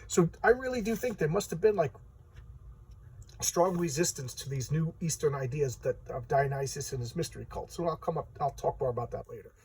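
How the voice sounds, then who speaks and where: A man giving a casual, chatty walkthrough of a comic book, retelling the story in loose talk full of "you know" and quick asides. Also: a little high, lively intonation, darkish tone, breathy edge, low-quality recording. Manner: acts out characters' lines in quick voices.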